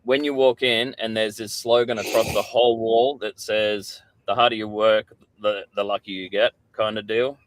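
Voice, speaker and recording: A man's voice: fairly low pitch, level tone, moderate pace, no room sound. A middle-aged Australian man, a podcast guest, telling candid stories in casual chat and swearing freely.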